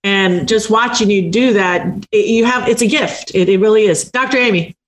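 A woman's voice: medium pitch, normal speed. Lady hosting a radio talk show, gushy and admiring with her guests. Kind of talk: interview.

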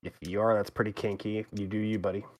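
A man's voice: fairly low pitch, little pitch movement, fast. A man co-hosting a gaming podcast, teasing his friends in a dry, casual way and swearing freely. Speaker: podcast co-host.

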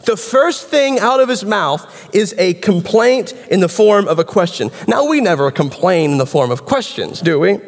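A man's voice: sits high, sing-song, moderate pace, few pauses. A man preaching a sermon in a conversational, wry, explanatory way. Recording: reverberant hall.

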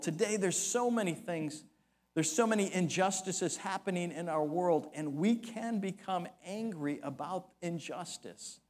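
A man's voice: high-pitched, measured pace, a little mellow. A male pastor preaching a sermon, acting out scripture voices with dramatic shifts. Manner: dramatic, acts out quoted voices.

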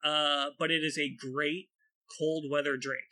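A man's voice: fairly high pitch, flat delivery, a little slow, sharp tone. A man in casual conversation, easygoing and agreeable, talking with restarts. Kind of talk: casual chat.

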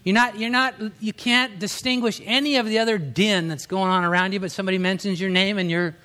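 A middle-aged man with a high-pitched voice delivers a sermon as a pastor. He preaches in an easy, conversational way, acting out quotes with sudden rises and hushed drops. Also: steady tone, fairly quick, few pauses.

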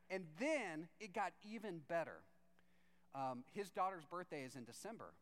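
A man's voice: fairly high pitch, very animated, normal speed. A man preaching a sermon through a chatty personal story, acting out both sides of each conversation and leaning on "like" as he talks. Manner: chatty, leans on "like" as filler.

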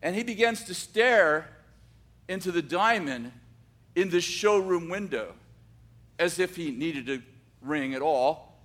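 A man telling a story aloud, unhurried, with dramatic pauses and frequent restarts. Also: a little high, animated, fairly bright tone. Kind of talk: oral storytelling.

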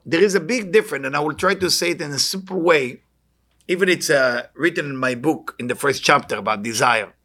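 A Kabbalah teacher with a fairly high, fairly bright, husky voice gives a spiritual lecture to an audience. He is earnest and questioning, often repeating short phrases.

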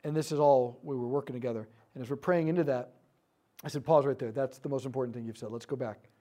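Soft-spoken man telling a prayer story. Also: medium pitch, steady tone, fast. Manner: soft storytelling, drops to near-hushed tones for quoted prayers. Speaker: speaker leading a prayer ministry session. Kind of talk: teaching talk with a story.

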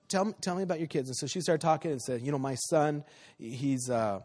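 A man delivers a sermon from the pulpit, his voice a little high for a man. He preaches conversationally, slipping into the voices of the people in his stories. The sound rings with a long reverb from a large church hall. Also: a little fast, a little mellow. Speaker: pastor. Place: church sanctuary.

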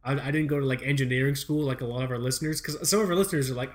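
Profane, rambling American podcast host. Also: male voice, mid-range voice, very fast. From United States. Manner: profane, rambling, self-mocking, animated. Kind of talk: comedic storytelling.

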